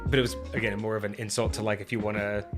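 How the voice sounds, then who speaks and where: Over music, a man hosts a casual tabletop gaming livestream, talking rapid-fire in a lowish voice with little pitch movement. He rambles and restarts his sentences, dropping "like" into nearly every line.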